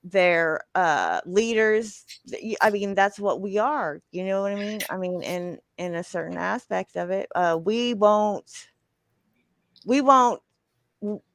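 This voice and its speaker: A woman in casual online chat, speaking in a halting, hesitant way. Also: mid-range voice, no echo.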